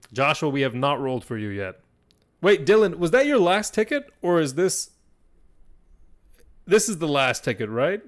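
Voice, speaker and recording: A young man hosting a live stream as game master, swinging between hushed, suspenseful fantasy narration and excited chat with viewers. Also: mid-range voice, normal speed.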